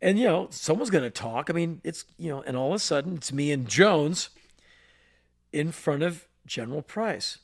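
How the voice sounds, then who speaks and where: A man co-hosting a podcast, spinning a long story in an animated way. His voice is gravelly and pitched a little high for a man. He acts out the voices and sound effects as he goes. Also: moderate pace. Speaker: podcast co-host. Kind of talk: storytelling in casual chat.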